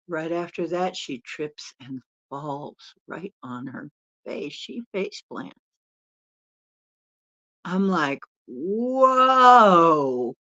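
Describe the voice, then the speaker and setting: A woman hosting a casual live-stream Q&A as a spiritual channeler, chatting in a rambling way and laughing often. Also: lowish voice. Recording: dull lo-fi sound.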